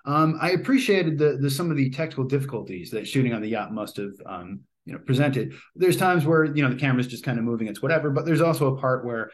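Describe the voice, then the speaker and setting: A man talks through a film he watched in an easy, unscripted way. He rambles, hesitates with frequent ums and uhs, and often restarts his sentences. His voice sits at an ordinary middle pitch. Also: animated, quick pace, few pauses. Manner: rambling, many fillers and restarts. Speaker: movie reviewer. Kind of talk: casual spoken movie review.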